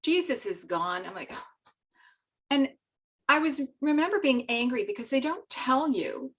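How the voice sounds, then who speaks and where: Animated woman telling her story. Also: high voice, recorded from a distance, low-quality recording. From Britain. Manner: animated, laughing, rambling with many fillers. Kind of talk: personal storytelling.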